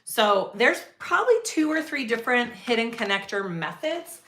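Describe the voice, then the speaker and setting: A woman's voice: on the high side, expressive, normal speed, bright, forceful tone, slight background noise. A woman hosting a live sewing tutorial, chatting casually and greeting viewers as she works. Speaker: sewing livestream host.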